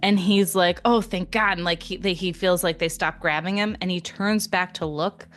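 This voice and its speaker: A young adult woman telling a story on a podcast in a lively, chatty way, laughing often and filling gaps with fillers. Her voice sits fairly low for a woman, and faint music plays under her talk. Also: moderate pace. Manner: animated, laughing retelling with many fillers. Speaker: podcast co-host. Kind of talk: casual storytelling chat.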